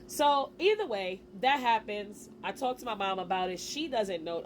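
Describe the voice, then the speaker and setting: A woman in her forties telling a personal story to camera in a casual, animated way, with slang and quick asides. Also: medium pitch, slight background noise. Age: 40s. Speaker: vlogger.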